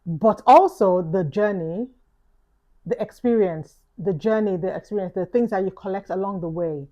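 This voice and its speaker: A woman's voice: medium pitch, normal speed, highs cut off. A woman with a London accent giving an earnest, reflective vlog monologue, repeating key phrases for emphasis. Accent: London English. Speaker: YouTuber.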